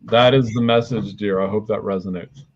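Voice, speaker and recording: A psychic reader and healer gives a blunt livestream reading, passing on what he says spirits tell him. His voice is on the low side with fairly even intonation at normal speed, and he calls in angels and counts quietly under his breath. The stream audio is dull and lo-fi.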